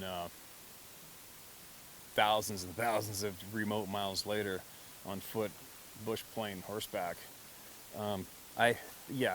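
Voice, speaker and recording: An adult man telling a story in a relaxed, conversational way, with frequent swearing and bursts of laughter. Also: lowish voice, a little hiss or hum, low-quality recording. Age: adult, past mid-twenties. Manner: conversational, profane, laughs often. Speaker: hunter telling encounter stories. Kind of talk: casual spoken storytelling.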